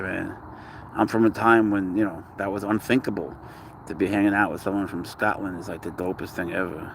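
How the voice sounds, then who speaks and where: A man from Canada hosting a pet livestream, chatting casually and in slang with viewers and greeting them by where they tune in from. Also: slight background noise. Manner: slangy, shouts out viewers' locations; rises into high playful baby talk with his pet. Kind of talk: casual live chat with viewers.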